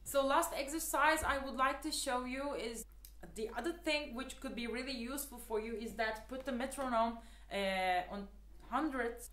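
A woman's voice: high voice, a bit bright, reverberant. A woman teaching the clarinet in a casual, chatty way, with lots of fillers and earnest, repeated advice. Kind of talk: casual spoken tutorial.

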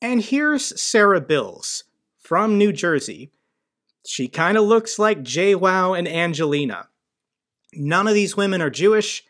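A man's voice: high voice, very animated, takes it slowly, a bit bright. A man from the United States hosting an online news commentary, talking with sardonic, mocking asides. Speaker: commentary channel host.

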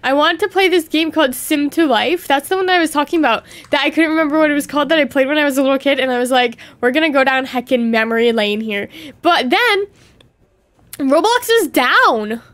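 A young woman streaming a game, chatting in a bubbly, excitable way and greeting viewers. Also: sits high, a little fast, dry recording. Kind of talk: casual gaming stream chat.

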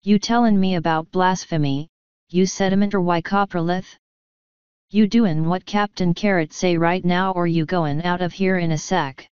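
A woman's voice: on the low side, steady tone, moderate pace, darkish tone, clean tone, dry recording, dull audio, natural voice. A woman voicing a dim but menacing male troll police sergeant who growls in broken grammar.

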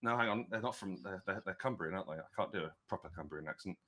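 A man's voice: low voice, fast talker, sharp tone. A man narrating as game master of a tabletop game, rambling and chatty with many restarts.

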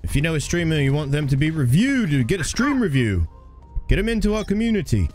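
A man's voice: a little high, big pitch swings, brisk, darkish tone. A man streaming a game live, chatting casually, cracking jokes, swearing and playing up a mock Australian twang. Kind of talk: casual live gaming commentary. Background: game music and gunfire.

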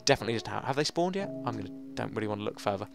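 A man's voice: lowish voice, animated, very fast, vocal fry, over music. A man giving casual gaming commentary, chatting to himself and joking with mock drama. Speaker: Let's Play gamer.

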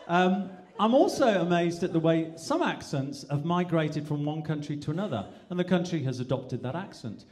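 A man from England performing stand-up live on stage, with a slightly high voice that swoops widely in pitch. His delivery is animated, and he keeps slipping in and out of mimicked accents. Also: moderate pace, hardly any pauses. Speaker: stand-up comedian. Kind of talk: stand-up comedy routine.

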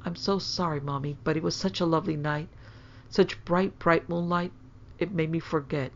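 A woman's voice: sits low, steady tone, moderate pace, muffled recording, a little hiss or hum. A woman voicing a timid, secretive young girl who talks hurriedly and nervously in a storybook reading.

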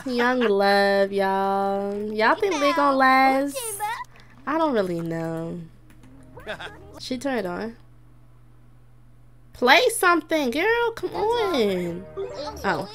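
Soft music plays behind a young gaming YouTuber whose fairly bright, mid-range voice swings widely in pitch. She speaks slowly with long pauses while playing a life-sim, giggling a lot and reacting out loud to her characters.

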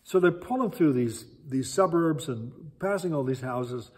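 A male pastor delivers a sermon in a husky voice, his pitch rising and falling in lively swings as he tells a story. He stops often to search for words, and the church hall around him gives a long, echoey reverb. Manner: animated storytelling with many pauses and fillers. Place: church sanctuary.

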